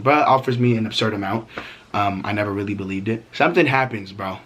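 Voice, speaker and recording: A man's voice: lowish voice, quick pace, fairly bright tone, breathy edge. A young man vlogging a storytime, talking casually with heavy slang, swearing and fillers.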